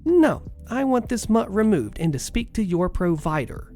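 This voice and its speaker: A shrill, scornful middle-aged woman, put on by a man reading a story, her voice pushed well up in pitch and swooping wildly. There is a gravelly rasp underneath, and faint music sits behind her. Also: big pitch swings, moderate pace, darkish tone. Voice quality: screechy, scornful.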